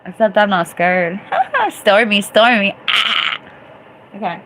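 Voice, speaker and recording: Slow-talking giggly woman streamer. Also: medium pitch, gravelly, very noisy. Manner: chatty, giggly, reacting loudly to chat. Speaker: livestream host and DJ. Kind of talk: casual live-stream chat reading viewer comments.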